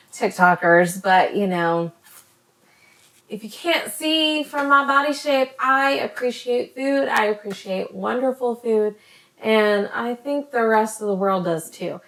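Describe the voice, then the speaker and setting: A woman chatting to her camera as a vlogger, rambling with many ums and tripping over words when she talks fast. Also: medium pitch, a bit bright. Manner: says she stutters when talking fast. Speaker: vlogger recommending creators. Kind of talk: casual chat to camera.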